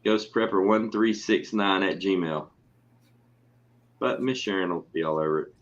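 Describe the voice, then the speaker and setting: A man with a fairly low voice hosts a casual live stream, swearing freely, getting excited and reading chat aloud. His voice comes through a muffled, lo-fi microphone. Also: unhurried. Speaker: streamer host. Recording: muffled lo-fi mic.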